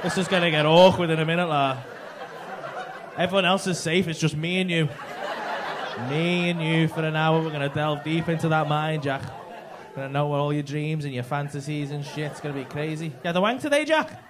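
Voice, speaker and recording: A man's voice: fairly high pitch, expressive, moderate pace, pauses often. A man doing stand-up crowd work in a comedy club, teasing audience members with lots of swearing. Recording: live club with loud audience noise.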